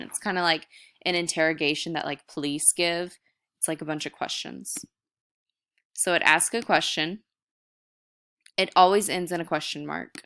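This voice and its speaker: Bright clear-voiced woman teaching a lesson. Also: lowish voice. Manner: explains step by step, casual teacher talk. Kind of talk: recorded video lesson.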